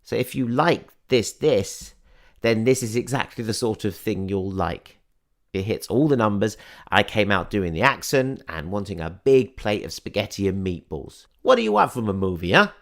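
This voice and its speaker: A man's voice: lowish voice, normal speed. Chatty man reviewing films. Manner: chatty, enthusiastic, wry. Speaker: film reviewer and podcast host. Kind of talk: scripted film review and interview intro.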